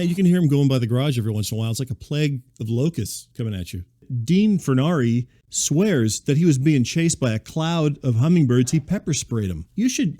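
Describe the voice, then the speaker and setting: A man in his thirties hosting a podcast, delivering a rambling, deadpan comedic monologue. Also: mid-range voice. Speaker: podcast host.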